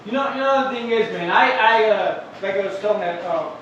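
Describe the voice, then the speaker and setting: A man's voice: high-pitched, a little fast, highs cut off, slight background noise. A man doing a crude, rambling stand-up comedy set at an open mic. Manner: crude, rambling, loud joke delivery. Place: club or open mic in Los Angeles. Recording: echoey room, mic far off, faint ambience.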